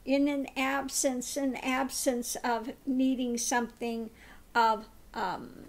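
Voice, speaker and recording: A woman's voice: high-pitched, level tone, slow pace. A woman giving a spiritual tarot card reading in a meandering way, often laughing. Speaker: tarot reader.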